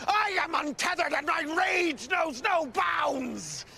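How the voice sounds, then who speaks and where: Brief: man doing a shrieking, gravelly madman in boundless rage, noisy distant clip. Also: very high voice, lively intonation, slow pace, bright, forceful tone, raised voice, pitched above the performer's own voice, full character voice. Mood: enraged.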